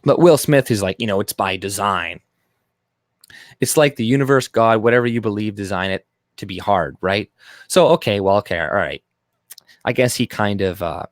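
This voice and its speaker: A man's voice: fairly low pitch, a little fast, no room sound, clean studio sound. A man hosting a live stream, rambling loosely through chat messages with crude, off-color jokes. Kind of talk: casual live-stream commentary.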